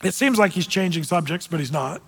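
A male pastor preaching a sermon in an animated, conversational teaching style with frequent asides, in a church sanctuary. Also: sits high, a little fast, husky, in a large hall.

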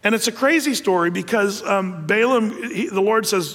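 A man with a notably high voice preaches a folksy, humorous sermon, retelling scripture with plenty of fillers along the way. His words ring out with the long reverb of a large hall. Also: expressive, moderate pace, few pauses, a bit bright. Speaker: pastor.

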